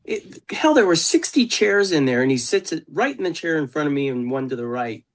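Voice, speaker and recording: A man's voice: on the high side, sing-song, a little fast. A man hosting a consultation over a video call, telling stories bluntly and swearing freely. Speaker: consultant host. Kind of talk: casual video call chat.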